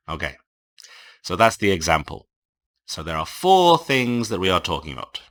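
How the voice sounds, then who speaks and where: A man teaching English in an online lecture, reading example sentences slowly and carefully for learners. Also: deep voice, wildly swooping pitch, a bit bright. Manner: slow, carefully enunciated classroom reading.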